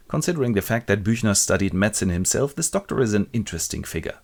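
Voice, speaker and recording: A man's voice: fairly low pitch, lively intonation, quick pace, hardly any pauses, darkish tone. A man retelling a classic play in a wry, colloquial, comic way. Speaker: literature presenter.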